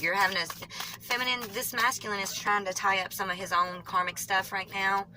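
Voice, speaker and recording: A woman with a Southern US country twang, reading tarot cards for viewers in a fast, rambling way, often correcting herself mid-sentence. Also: mid-range voice, steady tone, background noise. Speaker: tarot reader.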